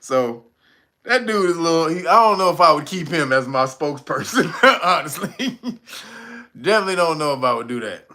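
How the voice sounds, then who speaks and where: Male host, casual commentary, lively swooping delivery, bright edge, laughs a lot. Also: on the high side, brisk. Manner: animated, laughs often, profane slang.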